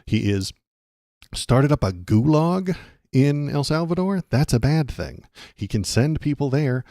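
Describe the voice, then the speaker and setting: Gravelly-voiced man hosting a political stream. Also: mid-range voice, mellow, no room sound, studio quality. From Texas. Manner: rambling, sarcastic, restarts often. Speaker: political livestream host. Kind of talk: casual livestream commentary.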